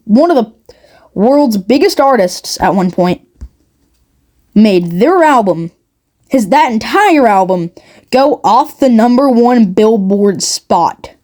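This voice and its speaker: A woman who makes commentary videos on YouTube delivers a rambling, sarcastic rant. Her voice is mid-range and slightly mellow.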